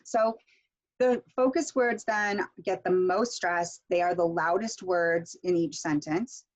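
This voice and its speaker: A middle-aged woman teaching English pronunciation in an online workshop, explaining step by step and saying example words slowly with clear stress. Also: fairly low pitch, steady tone.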